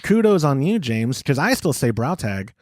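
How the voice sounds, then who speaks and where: A man's voice: medium pitch, big pitch swings, normal speed. A man with a Texan accent hosting a podcast in a jokey, casual way, often laughing. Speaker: podcast host.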